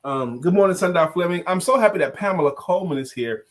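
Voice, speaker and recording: Playful man with a lively voice. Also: high voice, fast. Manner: playful, teasing, laughs often; sings lines of a song. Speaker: co-host. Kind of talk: casual chat.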